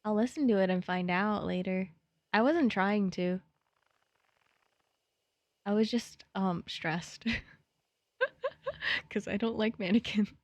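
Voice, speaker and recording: A woman's voice: mid-range voice, takes it slowly, long pauses, no room sound. Playful young woman streamer, dry close sound. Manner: playful and chatty, jittery when scared. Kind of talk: live game stream, reading game text aloud.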